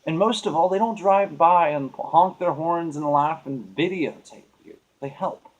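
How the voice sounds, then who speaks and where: A man's voice: a little high, measured pace, highs cut off. A man venting in a casual monologue, rambling and earnest, often restarting his sentences. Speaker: vlogger.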